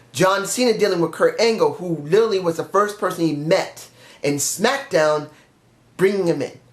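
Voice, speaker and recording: Emphatic man pitching a storyline. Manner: earnest, emphatic, repeats himself. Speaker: wrestling fan pitching a storyline. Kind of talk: casual fantasy-booking monologue. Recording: roomy echo.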